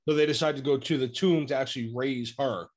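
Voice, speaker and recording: A man's voice: mid-range voice, quick pace. A man casually recapping a TV episode with friends, acting out the characters' lines as he goes. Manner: animated, acts out quotes.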